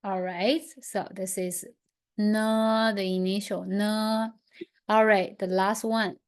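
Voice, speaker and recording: A woman's voice: mid-range voice, level tone, takes it slowly, smooth. A woman teaching a pronunciation lesson, stretching out single syllables for learners to repeat and explaining each step patiently. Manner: patient, gently repetitive explaining. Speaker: language teacher.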